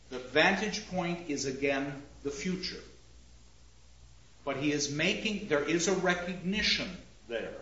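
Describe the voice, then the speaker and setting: A man lecturing a class at an unhurried, deliberate pace, stopping to ask questions and to recite verse aloud. The sound is roomy and somewhat dull, as if recorded in a classroom. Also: a little high, lively intonation, pushed and bright. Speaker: literature teacher.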